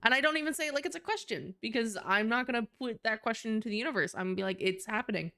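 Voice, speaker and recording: A woman's voice: fairly high pitch, racing, bright, forceful tone. A young woman streamer in casual live-stream chat, rambling with lots of fillers and casual swearing.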